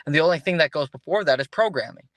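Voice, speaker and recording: Animated bright-voiced man talking fast. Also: on the high side, dry recording. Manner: animated, restarts sentences, acts out quoted voices. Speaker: podcast guest, fighter. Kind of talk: casual interview talk.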